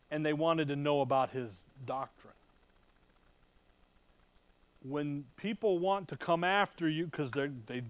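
Teaching the Bible before a live audience in a room, a man with a fairly high voice keeps his sermon casual and conversational. He poses rhetorical questions and drops wry asides, and there's no echo in the audio.

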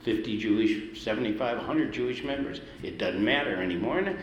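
A man's voice: medium pitch, expressive, a little fast. A middle-aged man from the Valley in Los Angeles, a musician telling stories casually in an interview and acting out the voices he quotes. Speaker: musician, guest. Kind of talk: storytelling interview. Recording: roomy hall, ambient noise.

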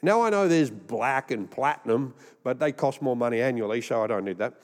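A man's voice: medium pitch, lively intonation, brisk. A male pastor with an Australian accent, preaching a humorous storytelling sermon. He rambles through jokey stories and laughs at his own punchlines. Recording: long hall reverb.

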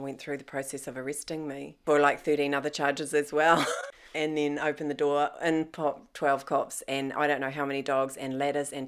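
Middle-aged kiwi woman, lowish voice, telling her story, laughing and acting out what people said. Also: clean tone. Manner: lively, laughs often, acts out quoted voices. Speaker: interviewee. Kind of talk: personal storytelling.

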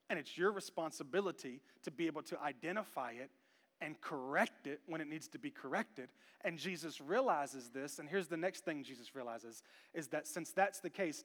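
A man in his thirties preaching an animated sermon as a pastor, playful, moving from quiet talk into shouting. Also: on the high side. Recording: long church hall reverb.

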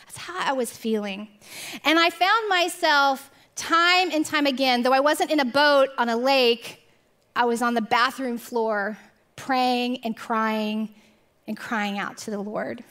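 A woman giving a heartfelt devotional talk, telling a story earnestly and sometimes dropping to hushed tones. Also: fairly high pitch, slow pace. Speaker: Christian speaker.

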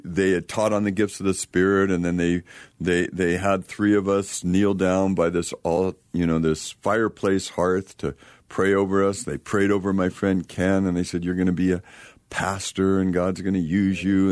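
A man with a deep, low voice hosts an interview in a dry studio. He keeps up a steady run of affirmations and tells lively anecdotes of his own. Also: no echo. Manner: frequent affirmations, animated storytelling. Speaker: host interviewer. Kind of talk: casual interview conversation.

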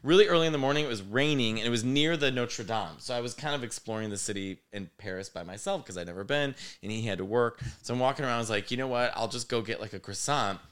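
A man from Chicago sits in as a comedian guest on a chatty podcast. He spins animated stories with a bright, forward edge to his voice, and his words come out smooth and crisp. He curses casually as he goes. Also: medium pitch, fast talker, hardly any pauses. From Chicago, United States. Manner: animated storyteller, swears casually.

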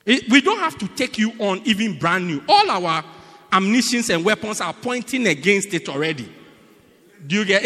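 Animated preacher. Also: male voice, sits high, fairly quick. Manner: animated, builds to loud emphatic bursts with repeated phrases. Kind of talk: sermon. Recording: long hall reverb.

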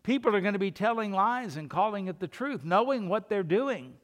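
An older man preaching a sermon as pastor, rising to loud calls and dropping to quiet asides. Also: sits high, animated, normal speed.

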